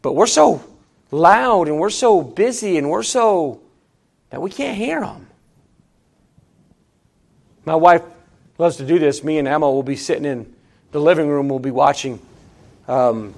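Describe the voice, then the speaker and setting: A middle-aged pastor with a strikingly high voice preaches a sermon as though chatting with his congregation, piling up repeated phrases and shifting between forceful, emphatic climbs and soft, low-key asides. He takes his time, with vocal fry and long pauses.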